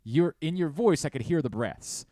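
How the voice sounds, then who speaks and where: A man's voice: fairly high pitch, moderate pace, no room sound. A man hosting a radio show in casual studio chat, talking in a rambling way and interrupting himself. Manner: animated, rambling, self-interrupting. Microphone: studio mic.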